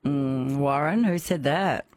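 A woman hosting a radio phone-in quiz, chatty and quick to laugh. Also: extremely low pitch, darkish tone, slight background noise. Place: radio studio.

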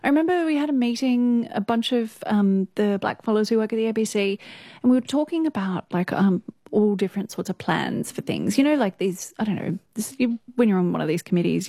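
A woman's voice: medium pitch, dark tone, no room sound. Australian woman, young adult, chatty guest storyteller, close dry mic. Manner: chatty, laughs often, many fillers. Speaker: interview guest, news presenter. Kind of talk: casual storytelling interview.

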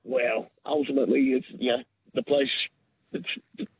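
An Australian man calling in to a radio show, chatty and quick. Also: mid-range voice, wildly swooping pitch, vocal fry, phone-quality sound, slight background noise. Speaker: caller.

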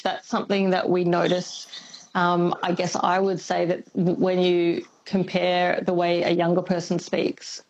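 A woman's voice: on the low side, rough recording. A woman speaking as an expert guest on talkback radio, explaining thoughtfully with fillers and light laughs.

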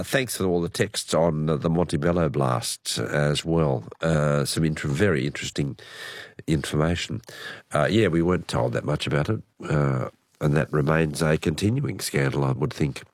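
Hoarse deep-voiced Australian radio host. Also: male voice, normal speed, no room sound, studio quality. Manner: chatty, self-correcting, relaxed. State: hoarse from a cold. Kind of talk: late-night radio talk. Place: radio studio. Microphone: studio microphone.

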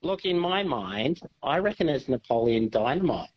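Male radio guest, raspy, enthusiastic, muffled lo-fi sound. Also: mid-range voice, sing-song, moderate pace. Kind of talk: casual radio chat. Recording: dull lo-fi line.

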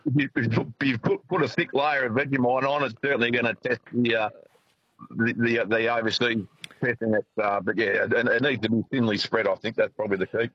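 A man's voice: mid-range voice, steady tone, brisk, husky, no room sound. An Australian man calling a radio show from his car, friendly and hesitant, with many fillers. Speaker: caller. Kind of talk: casual phone call to radio. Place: in a car, driving. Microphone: phone. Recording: muffled phone line.

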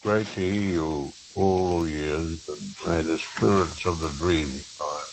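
An older man calling a radio show, speaking gently and slowly and offering blessings. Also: a bass voice, steady tone, slight background noise, rough recording. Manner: slow, gentle, blessing-giving. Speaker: caller, elder. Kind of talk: phone-in chat.

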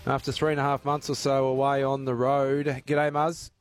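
A man hosting a casual radio talkback show, chatty and relaxed, with lots of "uh" fillers. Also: medium pitch, normal speed. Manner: relaxed, chatty, frequent "uh" fillers, laughs easily.

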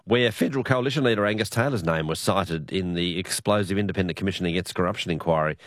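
Hoarse aussie radio host guy, real low voice, stumbles and restarts a lot. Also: no room sound, studio quality. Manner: halting, many restarts. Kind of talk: evening radio news talk.

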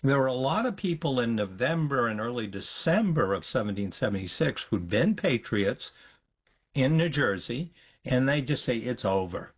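A middle-aged man, a history professor, giving lively explanatory answers in an interview. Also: mid-range voice, moderate pace, husky. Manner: animated, acts out historical voices in quotes.

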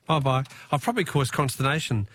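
A man with an Australian accent hosting a talkback radio quiz, chatty and quick with asides, laughing easily with callers. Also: medium pitch, lively intonation, a bit bright.

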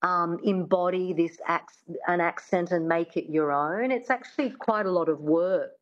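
Enthusiastic low-voiced woman accent coach. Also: moderate pace. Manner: enthusiastic, agreeable. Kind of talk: radio interview. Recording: dull lo-fi sound.

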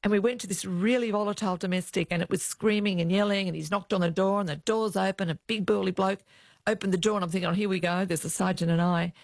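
Older woman, ex-cop guest, lively storyteller who does the voices, dry close mic. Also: medium pitch, quick pace, gravelly, dry recording. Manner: animated, acts out quoted voices. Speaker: retired police officer, guest. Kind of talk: storytelling in an interview.

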